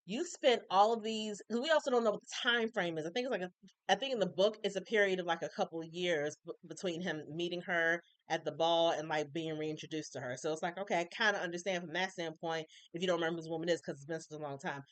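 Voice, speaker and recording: A woman recapping a TV episode in casual chat, opinionated and animated, acting out characters' lines with colloquial asides. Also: fairly low pitch, fast talker, dry recording. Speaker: recap reviewer.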